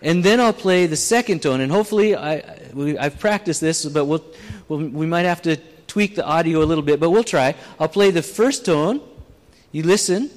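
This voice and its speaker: Guy preaching to a church crowd, chatty and plain, high voice, long hall echo. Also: lively intonation, normal speed. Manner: conversational, plain-spoken, with restarts. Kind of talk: sermon with audience exercise.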